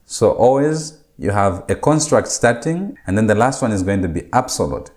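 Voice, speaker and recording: A man's voice: fairly low pitch, sing-song, moderate pace, a little mellow. Methodical man teaching Hebrew grammar. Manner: methodical, repeats key points and numbers steps. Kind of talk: recorded lecture with slides.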